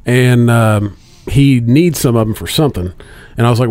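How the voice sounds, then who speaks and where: A man's voice: mid-range voice, fairly quick, a little mellow, dry recording. A man co-hosting a podcast, chatting casually, swearing freely and laughing often. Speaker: podcast co-host. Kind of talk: casual chat.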